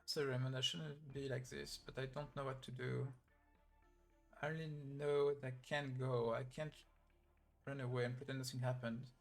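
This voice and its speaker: A man reading the lines of a grieving, guilt-ridden young woman from a game story in a flat read-through. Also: medium pitch, normal speed, gravelly, faint music behind, close to an everyday voice.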